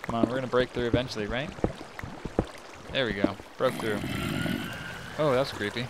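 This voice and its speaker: Guy rambling through a game, gets excited fast, mid pitch, some noise behind. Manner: chatty, excitable, talks to himself while playing. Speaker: gaming channel host. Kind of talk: casual gameplay commentary.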